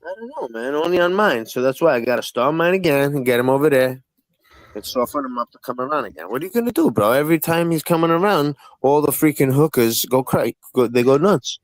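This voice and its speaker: A man's voice: mid-range voice, expressive, a little fast, no echo, low-quality recording. A man hosting a heated livestream panel, swearing freely and needling his guests in a combative, mocking tone. His voice sits in an ordinary middle register and is recorded close and dry, with no room sound around it. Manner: profane, taunting and combative.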